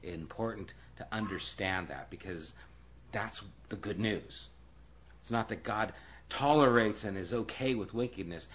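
A man preaching a sermon as pastor, emphatic and repeating key phrases, often dropping to a hushed, near-whispered voice. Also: lowish voice, unhurried, a little hiss or hum.

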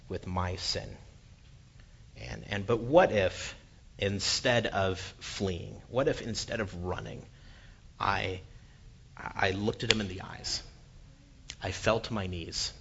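A man preaching a sermon, telling a childhood story in an animated, self-mocking way with frequent restarts. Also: fairly low pitch, normal speed, creaky. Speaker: pastor. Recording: dull lo-fi sound, faint hiss.

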